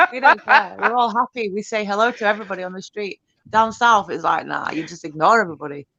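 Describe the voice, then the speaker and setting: Northern english woman, blunt n sweary, bright dry voice, dull lo-fi audio. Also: medium pitch, lively intonation, a little fast, no echo. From England. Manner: blunt, sweary, laughing often. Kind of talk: casual chat. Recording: dull lo-fi sound.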